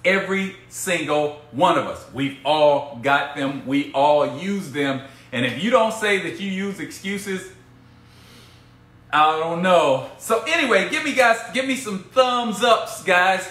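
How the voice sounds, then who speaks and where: A man's voice: high voice, pushed and bright. A man coaching on a casual live stream, playful and teasing as he talks to viewers. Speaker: business coach. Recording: echoey room with faint ambience.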